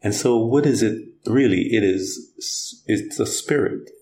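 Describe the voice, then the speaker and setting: A man's voice: fairly low pitch, takes it slowly, dark tone, slight background noise. A man preaching a conversational sermon, plain-spoken, retelling scripture stories and voicing the people in them. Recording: roomy echo.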